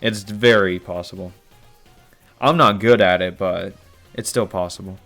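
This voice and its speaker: A man's voice: deep voice, a little slow, fairly bright tone, faint music behind. A man reading a visual novel aloud in the first person, with casual asides full of swearing. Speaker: game reader.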